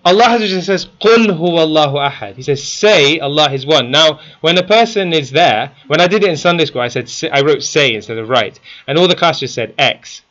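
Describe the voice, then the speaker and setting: A man's voice: fairly high pitch, animated, brisk, hardly any pauses, a bit bright, dull audio. A man teaching a class, constantly quizzing his students with questions. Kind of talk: interactive classroom lesson.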